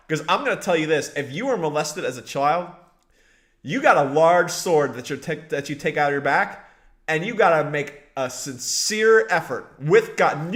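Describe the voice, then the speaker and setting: A man's voice: on the high side, fairly bright tone. A man preaching a conversational sermon, speaking straight to his listeners and repeating phrases for emphasis. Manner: addresses listeners directly, many restarts. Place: live stream broadcast.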